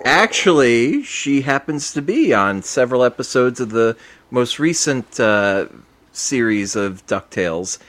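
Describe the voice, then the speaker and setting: Male co-host, mid pitch with a lively, varied delivery; chatty fact-dropper. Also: a little slow. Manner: know-it-all, chatty, corrects others. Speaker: podcast co-host. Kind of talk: casual chat.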